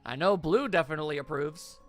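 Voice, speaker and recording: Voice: medium pitch, a little fast, soft background music, close to an everyday voice. A streamer reading a bubbly young female student in a put-on US Southern accent, gushing and drawn out. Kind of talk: game dialogue read aloud.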